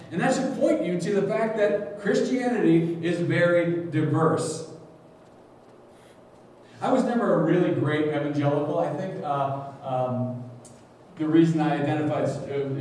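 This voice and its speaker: A man's voice: on the high side, darkish tone, slight background noise. Man preaching from far in an echoey hall. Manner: conversational, thinking aloud with restarts. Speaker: pastor. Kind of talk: sermon. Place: church sanctuary.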